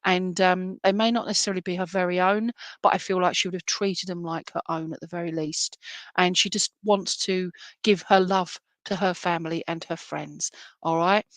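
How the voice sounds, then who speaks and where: A British woman working as a medium, gently passing on a spirit message and often checking in with "all right?" and "okay?". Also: lowish voice, steady tone, moderate pace, no echo.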